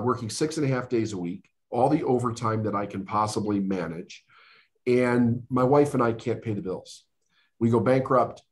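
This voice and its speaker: A middle-aged man, a podcast guest, telling his life story in an earnest, emotional way with dramatic pauses. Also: lowish voice. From United States. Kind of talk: storytelling interview.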